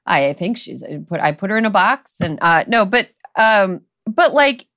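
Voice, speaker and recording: A woman's voice: mid-range voice, sing-song, normal speed, a bit bright, no echo, studio quality. A woman co-hosting a podcast, talking in a loose, rambling way with lots of "like" and "you know". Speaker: podcast co-host. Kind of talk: casual conversational chat.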